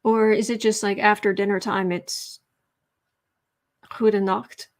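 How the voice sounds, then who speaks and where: A woman runs a casual live tarot stream from a room at home, chatting with viewers and reading their comments aloud. She's hot and sweaty, and her medium-pitched voice stays level and unhurried.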